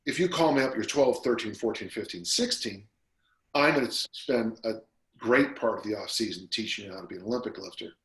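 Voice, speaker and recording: Animated storytelling man in a roomy space. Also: lowish voice, brisk. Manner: animated storyteller who acts out quotes. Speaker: podcast guest, strength coach. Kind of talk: casual interview storytelling. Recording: roomy echo.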